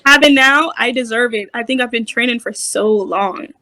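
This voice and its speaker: A woman being interviewed about her dance career, telling stories in an animated, casual way and acting out the voices of others. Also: on the high side, a little fast, no echo. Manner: animated storytelling, acts out quoted voices.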